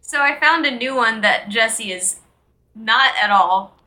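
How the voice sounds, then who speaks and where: A woman in a casual podcast chat, speaking in a measured, deliberate way. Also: on the high side, lively intonation, crowd noise.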